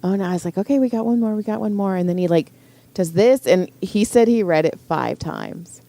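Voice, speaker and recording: A woman's voice: medium pitch, expressive, fairly quick, creaky, warm tone, dry recording. A middle-aged woman, co-hosting a podcast and telling a story in casual chat, acting out quotes and swearing freely. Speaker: podcast co-host.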